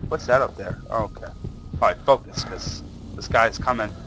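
A young man with a mid-range voice plays a horror game and talks to viewers over a headset for a let's play, jumpy and muttering curses under his breath. He speaks at normal speed; the audio is dull with a noisy background.

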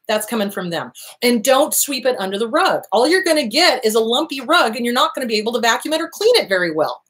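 A woman's voice: on the high side, fairly bright tone. A woman therapist hosting an advice talk, speaking bluntly and emphatically with frequent profanity and acted-out bits of dialogue. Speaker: therapist and show host. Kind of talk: direct-to-camera advice talk.

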